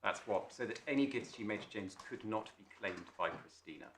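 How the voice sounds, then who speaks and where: A male barrister making measured, formal submissions to appeal judges, with small restarts. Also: fairly low pitch, a bit bright. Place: large echoey courtroom. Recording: echoey courtroom, faint noise.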